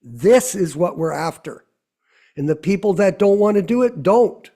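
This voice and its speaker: Earnest high-voiced man exhorting his group. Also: animated, normal speed, warm tone. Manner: earnest, repeats phrases for emphasis. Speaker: host of online devotional discussion. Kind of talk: exhortation to a video call audience.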